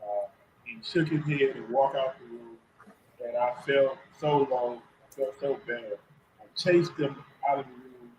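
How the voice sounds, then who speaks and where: A man being interviewed as a community organizer, talking in an earnest, measured way. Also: medium pitch, warm tone, a little hiss or hum, poor audio. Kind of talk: radio interview answer.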